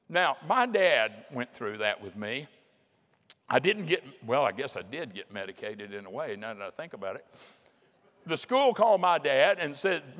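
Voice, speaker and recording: A middle-aged man preaches a sermon, his voice sitting a little high for a man. He talks in a folksy, emphatic way and drags out the words he wants to land. A long reverb trails his voice through a large church hall. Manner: folksy and emphatic, slowing down to hammer key points.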